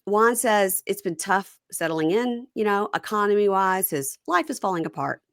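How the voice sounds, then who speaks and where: A woman's voice: medium pitch, expressive, moderate pace, no room sound, studio quality. A woman co-hosting a podcast, chatting casually as she retells a reality show episode. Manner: chatty storyteller, acts out quotes. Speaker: podcast co-host. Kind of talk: casual recap chat.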